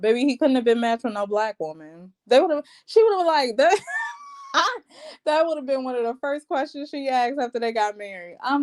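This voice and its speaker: A young adult woman giving a sassy, slangy, animated reality TV review and acting out quotes in other voices. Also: a little high, normal speed. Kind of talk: casual commentary vlog.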